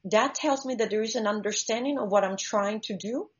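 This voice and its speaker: Speaking briskly at medium pitch, this woman, a shark diver and conservationist, shares stories during an interview and acts out vivid examples to explain. The recording is lo-fi and a bit dull.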